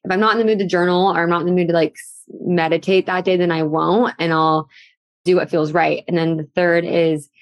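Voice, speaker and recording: A woman guest on a casual podcast chat with a slightly low voice. She talks loosely, with plenty of "like" fillers, and the recording sounds dry and close. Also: steady tone, fairly quick, no echo, dull audio. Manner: casual, filler-heavy with frequent "like".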